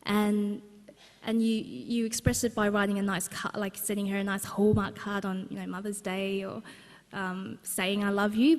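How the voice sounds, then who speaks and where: Addressing a live crowd at a book launch, this Australian woman shares funny personal anecdotes, using plenty of fillers. Her voice is medium-pitched with a flat delivery at a moderate pace, and the big exhibition hall adds long reverb.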